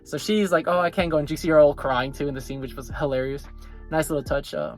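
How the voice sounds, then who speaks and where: A man's voice: fairly high pitch, fast talker, soft background music. A young man casually recapping an anime episode, rambling with many fillers as he retells the scenes. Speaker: anime reviewer.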